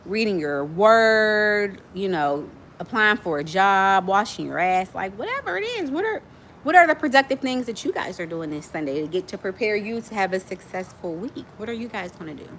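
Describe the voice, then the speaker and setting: Fast-talking chatty woman from Miami. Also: medium pitch, expressive, a bit bright, a little hiss or hum. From Miami, USA. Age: 40s. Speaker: livestream host, nonprofit founder. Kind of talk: casual livestream chat with viewers.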